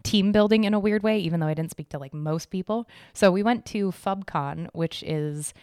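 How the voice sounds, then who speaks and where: A woman hosting a podcast in casual, rambling chat, her voice a little hoarse from recently losing it, chipper and laughing often, on a desk mic at home. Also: lowish voice, normal speed, a little mellow, no room sound, studio quality. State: hoarse, recovering from lost voice. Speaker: podcast host. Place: home room decorated for Halloween.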